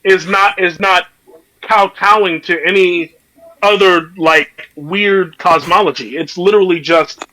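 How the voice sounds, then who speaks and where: Give me a man with a high, sharp voice, stumbling and insistent in an argument. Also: steady tone, measured pace, rough recording. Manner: stammering, repeats himself, insistent. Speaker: debater. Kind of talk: heated online debate.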